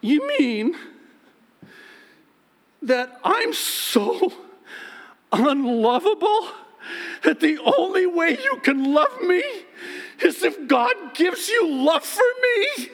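A man voicing a young wife, high and wounded, on the verge of tears. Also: big pitch swings, extremely slow, long pauses, a bit bright, heavily acted. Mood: hurt. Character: tearful hurt young wife, woman.

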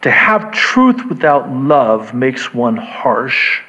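A man preaching a sermon, unhurried, repeating key words and swinging between quiet asides and raised emphasis. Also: mid-range voice, very animated, breathy edge. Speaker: pastor. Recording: dull lo-fi recording.

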